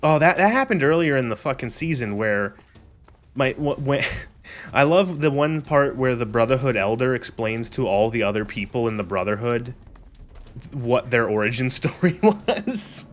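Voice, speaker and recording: A man's voice: medium pitch, expressive, moderate pace. A young man on a gaming stream, rambling sarcastically with lots of swearing and laughter. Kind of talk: casual gaming stream commentary.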